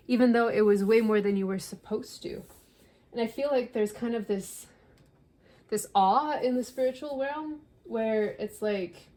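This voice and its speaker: A woman doing a casual, reassuring tarot reading, chatty and a little out of breath. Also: on the high side. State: slightly out of breath. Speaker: tarot reader.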